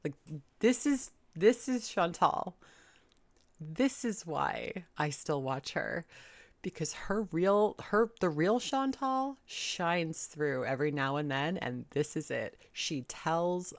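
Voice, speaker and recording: A woman's voice: lowish voice, lively intonation, slow pace, dry recording. A woman hosting a reaction video, giving blunt, exasperated commentary and swearing casually. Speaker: commentary host.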